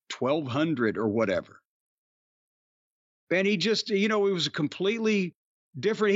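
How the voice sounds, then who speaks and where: A man on a podcast telling rambling, profane stories in a casual, animated way. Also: a little high, dry recording, dull audio. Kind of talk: casual storytelling chat.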